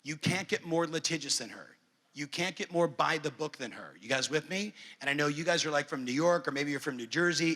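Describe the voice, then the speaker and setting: Brash, bright-voiced male keynote coach. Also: a little high. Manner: brash, profane, keeps polling the crowd. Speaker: real estate coach. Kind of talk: motivational conference keynote. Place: large conference hall stage. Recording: long reverb of a big hall.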